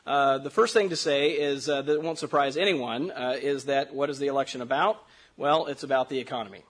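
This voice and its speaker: Husky man presenting survey findings. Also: mid-range voice, fairly quick. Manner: many fillers and restarts, explanatory, asks rhetorical "right?". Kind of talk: presentation to an audience.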